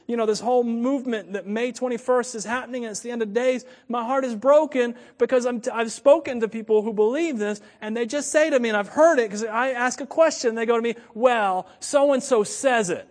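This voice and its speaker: A man with a high voice preaching a sermon, swinging between loud, emphatic points and low, joking asides. His voice rings through a church sanctuary with a long reverb. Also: quick pace, few pauses. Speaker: pastor.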